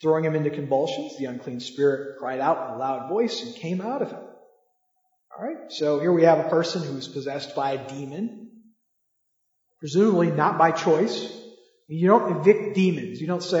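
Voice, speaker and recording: A man's voice: a little high, moderate pace, darkish tone. A man preaching a sermon in a conversational way, asking the listeners rhetorical questions. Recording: echoey hall, dull lo-fi sound.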